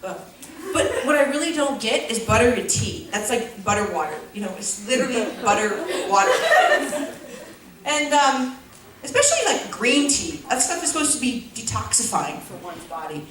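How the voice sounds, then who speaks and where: A woman's voice: a little high, sing-song, moderate pace, a bit bright. Young woman doing rambling stand-up. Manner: rambling, self-deprecating delivery with frequent fillers. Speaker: stand-up comic. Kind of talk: stand-up comedy set. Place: school auditorium before a laughing audience. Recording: echoey hall from far off.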